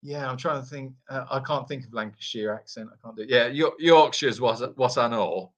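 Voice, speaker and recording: A man's voice: medium pitch, brisk, lo-fi sound. A man hosting a casual live Q&A from an animal sanctuary, reading viewer comments in a playful, self-deprecating way with frequent restarts.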